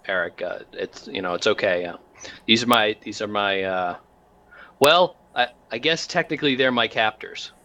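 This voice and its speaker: A man playing a captured lieutenant who stammers and hedges at a gaming table. His voice sits slightly low and sounds bright. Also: moderate pace. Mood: sheepish. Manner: stammering, apologetic. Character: hesitant captive male guard lieutenant.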